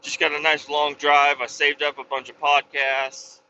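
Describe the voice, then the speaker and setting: Bright-voiced trucker, cursing casually. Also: male voice, on the high side, measured pace, slight background noise. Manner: profane, animated storyteller. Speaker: truck driver. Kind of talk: casual vlog storytelling. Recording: dull lo-fi sound.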